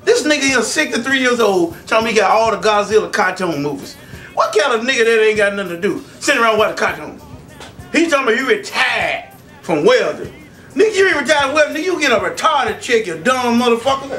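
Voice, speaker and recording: A man telling profane stand-up comedy stories in a loud, animated way, often breaking into shouts. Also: very high voice, fairly quick. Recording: distant mic, faint music behind.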